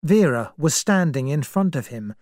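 A woman reading a story aloud as narrator, in a slow, measured way. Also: low-pitched, animated, warm tone, no room sound, studio quality.

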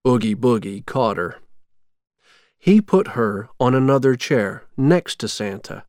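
Slow, measured male storybook reader. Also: medium pitch, animated, a little mellow, dry recording, studio quality. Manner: slow, measured, clear reading for learners. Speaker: narrator. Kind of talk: storybook reading.

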